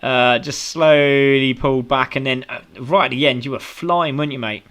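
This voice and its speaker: A man's voice: medium pitch, fairly even intonation, normal speed, fairly bright tone. British man, sim racing commentator, upbeat post-race interviews, generous with praise.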